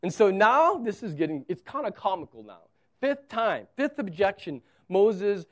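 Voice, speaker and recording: A man's voice: sits high, very animated, normal speed. A male pastor preaching a sermon with emphasis, acting out the quotes.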